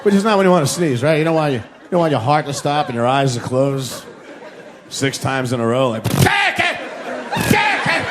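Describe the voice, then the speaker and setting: A man performing a stand-up comedy set on a club stage, acting out sneezes with shrieking high yelps, recorded on a handheld mic with audience laughter behind. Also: a little fast, heavy background noise. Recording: live club mic, loud crowd laughter.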